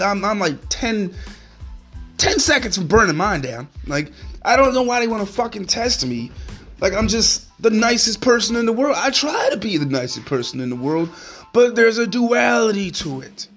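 Profane ranting man with a higher voice. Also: a bit bright, breathy edge. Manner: profane, heated, rambling. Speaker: podcast host. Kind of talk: solo podcast rant.

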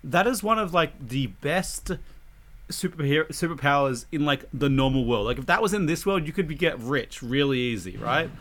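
A man co-hosting a casual podcast, with a voice pitched a little above the usual male range. He talks in crude, joking banter throughout. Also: animated, normal speed, a bit bright. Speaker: podcast co-host.

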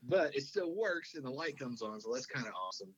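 A man's voice: mid-range voice, animated, brisk, a little hiss or hum. A man in his thirties, chatting casually, rambling with lots of fillers, restarts and swearing. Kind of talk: casual chat. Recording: dull lo-fi sound.

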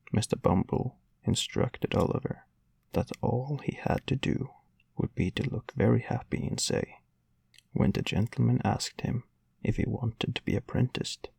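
Male narrator for a classic novel, husky and gravelly, measured and unhurried delivery. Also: mid-range voice, a little mellow, no room sound. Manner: measured storytelling reading. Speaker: audiobook narrator.

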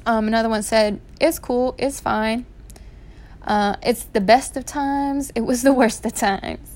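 Young woman podcasting from home, kinda high voice, laughs a lot, cusses, super animated. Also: measured pace. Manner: animated, laughs often, swears freely. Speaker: podcast host. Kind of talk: casual storytelling. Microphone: home recording setup.

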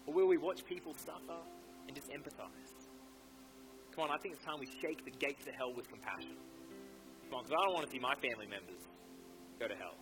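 A man's voice: fairly high pitch, brisk, pauses often, over music, low-quality recording. A male pastor preaching a sermon in a church, fervent and exhorting, urging his listeners on again and again. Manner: fervent, exhorting, repeats "come on".

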